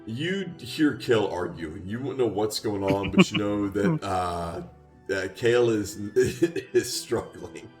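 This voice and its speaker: A man narrating a tabletop game as game master, relaxed and filling pauses with "uh". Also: lowish voice, roomy sound, soft background music. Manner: relaxed, with frequent "uh" fillers.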